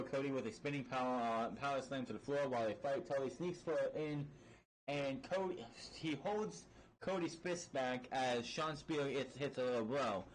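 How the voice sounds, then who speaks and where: A man's voice: medium pitch, low-quality recording. A man casually recapping a wrestling match play-by-play, rambling with fillers and frequent swearing. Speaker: wrestling show reviewer.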